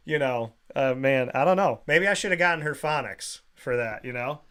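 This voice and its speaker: A man's voice: mid-range voice, moderate pace, clean tone. A man hosting a sports talk show, telling a story in casual chat and acting out the voices of the people in it. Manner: animated storyteller, acts out quoted voices. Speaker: show host. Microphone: studio microphone.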